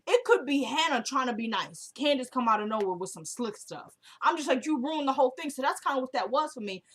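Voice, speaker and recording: A woman's voice: high-pitched, animated, brisk, fairly bright tone, breathy edge. A woman recapping a TV episode in casual chat, emphatic and repeating herself as she retells scenes.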